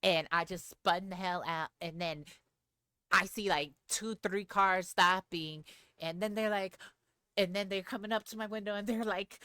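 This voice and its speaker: A woman streamer telling a story to her live chat in a casual, animated way, laughing often. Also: mid-range voice, normal speed, dry recording, clean studio sound.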